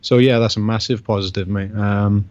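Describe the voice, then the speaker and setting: Low-voiced man on dull Skype audio. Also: steady tone, normal speed, darkish tone, no echo. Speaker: podcast co-host. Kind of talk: casual podcast chat. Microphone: Skype call. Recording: dull lo-fi video call audio.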